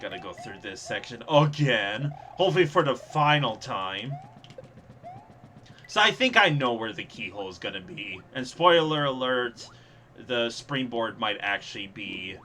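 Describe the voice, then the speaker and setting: A young man giving live, sarcastic gameplay commentary as he streams, reacting fast and laughing at his own mishaps. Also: mid-range voice, sharp tone, slight background noise. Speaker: streamer playing a level contest.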